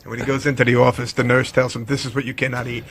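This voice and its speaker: A man's voice: medium pitch, level tone, a bit bright, slight background noise. A man co-hosting a casual live talk show, telling stories and teasing his co-hosts. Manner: fast-talking, storytelling, teasing. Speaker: co-host.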